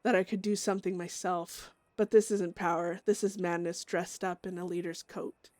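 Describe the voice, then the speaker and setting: A woman voicing a grieving, haunted young outlaw woman, reading her journal aloud as a hushed, brooding inner monologue that drops into whispers. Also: lowish voice, flat delivery, normal speed, no echo, natural voice.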